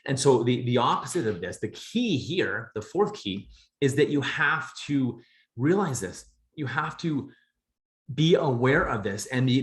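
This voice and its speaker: A man's voice: medium pitch, roomy sound. A man coaching a business masterclass, speaking earnestly and often repeating words as he tells stories. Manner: earnest, repeats himself, lively storytelling. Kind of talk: recorded masterclass talk.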